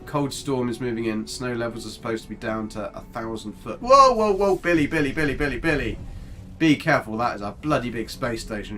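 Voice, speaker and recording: A man's voice: mid-range voice, a bit bright. A man giving casual, chatty live commentary on a game, talking to his character and his viewers with mild swearing. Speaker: gaming streamer.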